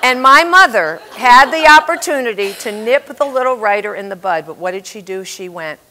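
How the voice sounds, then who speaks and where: Bright-voiced older woman telling stories. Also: a little high, moderate pace. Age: 70s. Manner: lively, acts out quoted voices, laughs at her own stories. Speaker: writing teacher giving a talk. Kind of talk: storytelling talk to an audience.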